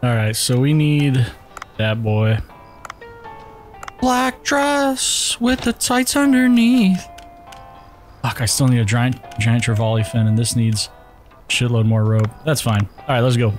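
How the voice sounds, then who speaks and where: A man's voice: medium pitch, very animated, unhurried, pauses often, faint music behind. A man giving casual, profane commentary while playing a video game, reacting to the action and talking to himself. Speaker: gaming YouTuber.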